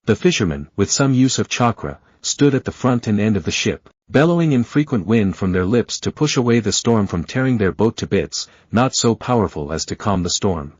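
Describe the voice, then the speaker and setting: Man, story narrator, husky, lowish pitch, dull lo-fi recording, dry. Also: moderate pace, few pauses, no room sound. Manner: steady storytelling. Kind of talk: reading fan fiction aloud. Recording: dull lo-fi, dry close sound.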